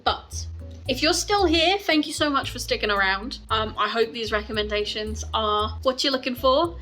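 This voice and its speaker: Bright-voiced chatty woman book vlogger. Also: fairly high pitch, normal speed, faint music behind. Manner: gushing, chatty, rambling with frequent laughs. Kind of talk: casual book recommendation vlog.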